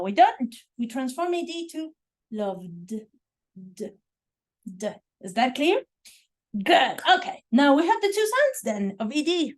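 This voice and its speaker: A woman teaching English pronunciation in a classroom lesson, drilling single sounds and praising her students as she goes. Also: high voice.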